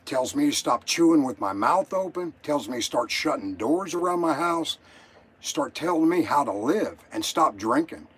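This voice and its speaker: Older male caller, slightly high husky voice, agitated and profane. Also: lively intonation, moderate pace. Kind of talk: emotional call-in story.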